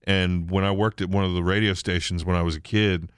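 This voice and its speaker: A man's voice: deep voice, steady tone, a little fast, smooth, no room sound, clean studio sound. A middle-aged man hosting a radio show, chatting casually and reminiscing. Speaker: radio host.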